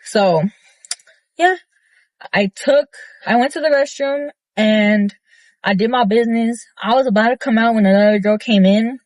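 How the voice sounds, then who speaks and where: A woman's voice: a little high, moderate pace, no room sound. A young woman telling a story in a casual, blunt rant, swearing freely and filling her talk with "like". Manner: blunt, profane, animated retelling with many fillers. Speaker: vlogger.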